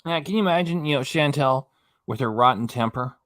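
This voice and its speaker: A man's voice: medium pitch, brisk, a bit bright. Reaction-channel host, male, loose and talkative, frequent chuckles, ordinary mid voice. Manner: chatty, rambling, laughs often. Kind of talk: casual commentary while reacting.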